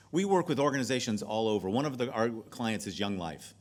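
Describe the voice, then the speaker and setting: A middle-aged male pastor speaks to a seminar audience, telling stories with plenty of movement in his voice. He shifts between brisk narration and quiet, drawn-out emphasis. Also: medium pitch, sing-song. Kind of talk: seminar talk with acted-out stories.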